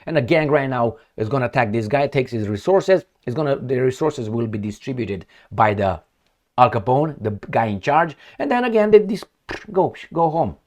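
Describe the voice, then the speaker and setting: A man's voice: medium pitch, lively intonation, normal speed. A middle-aged man giving off-the-cuff commentary while reading news articles aloud, sarcastic and rambling, with many fillers and restarts. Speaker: political commentator.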